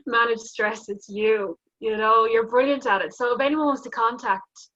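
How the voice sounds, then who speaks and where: A woman's voice: fairly high pitch, steady tone, moderate pace, pushed and bright. A woman who interviews a coach in a friendly, chatty way and asks prompting questions. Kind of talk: casual chat. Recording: dull lo-fi sound.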